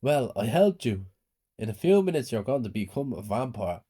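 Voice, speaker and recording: A calm, motherly female vampire, persuasive and unhurried, voiced warmly and mellow by a man reading a storybook horror tale. Her pitch moves in a lively way. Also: slightly rough. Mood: reassuring.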